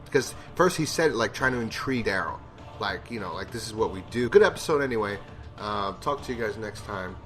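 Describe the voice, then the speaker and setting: Man, casual tv review, rambling and blunt, swears freely, lowish voice. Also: lively intonation, a little fast, fairly bright tone, soft background music. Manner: blunt, profane, rambling opinions. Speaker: TV show reviewer.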